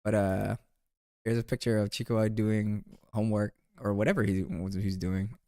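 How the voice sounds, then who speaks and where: A man's voice: fairly low pitch, fairly even intonation, normal speed, mellow, no room sound, clean studio sound. A young man casually chatting about his trip photos, rambling and playful, often saying "bro" and asking viewers to weigh in. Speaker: streamer recapping a trip. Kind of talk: casual chat over photos.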